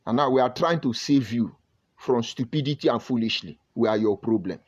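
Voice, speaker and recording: A man's voice: medium pitch, a little fast, lo-fi sound. A Nigerian man with a Nigerian accent giving emphatic live-stream commentary and greeting viewers from the comments. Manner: emphatic, preachy, reads viewer comments aloud. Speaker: online broadcaster.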